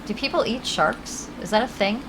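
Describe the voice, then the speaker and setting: A woman's voice: on the high side, moderate pace, background noise. A woman with a Connecticut accent, chatting casually and rambling while she plays a video game and answers her chat. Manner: chatty, rambling, reads chat aloud, swears now and then. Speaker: game streamer.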